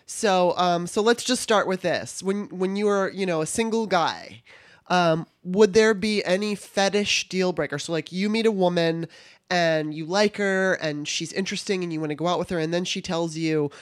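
A man's voice: high voice, normal speed, clean tone. A man co-hosting a podcast, laughing often and asking questions with hesitant restarts. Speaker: podcast co-host. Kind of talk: casual chat.

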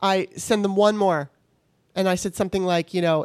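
A woman's voice: fairly low pitch, fairly quick, a little mellow, dry recording, studio quality. A woman hosting a casual podcast, ranting with exasperation and swearing as she retells a customer service saga. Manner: exasperated, profane, storytelling with quoted dialogue. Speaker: podcast host.

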